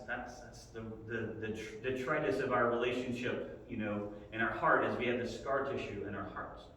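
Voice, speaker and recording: In a far-miked, echoing hall, a Sunday school teacher, a middle-aged man, leads a relaxed Bible lesson, conversational and sprinkled with "right?" His voice sits in the mid range with a touch of brightness.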